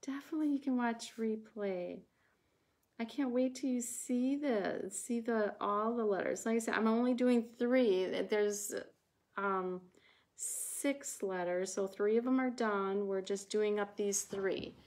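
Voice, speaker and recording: Slow, chatty woman with a Wisconsin accent. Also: fairly high pitch, a little mellow. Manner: chatty, talks to viewers while painting. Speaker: craft livestream host. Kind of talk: casual livestream craft chat.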